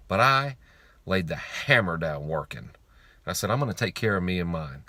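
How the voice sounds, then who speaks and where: Blunt, deep-voiced motivational talker. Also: male voice, sing-song, moderate pace, pushed and bright, no room sound. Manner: preachy, emphatic, repeats lines for effect; blunt, swears casually. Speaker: online speaker on faith and money. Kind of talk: informal motivational monologue.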